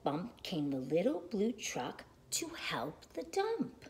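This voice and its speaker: A woman reads a picture book aloud to young children, unhurried and in a sing-song manner. Her pitch swoops up and down a lot, and she takes her time over every line. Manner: slow, animated, sing-song reading. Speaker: storyteller reading aloud to children.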